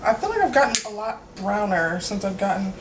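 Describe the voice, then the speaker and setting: A woman's voice: medium pitch, very animated, a little fast, noisy background. A young woman rambling in a casual vlog, giggly and apologetic, stringing thoughts together with lots of "like". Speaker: vlogger. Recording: echoey room with faint ambience.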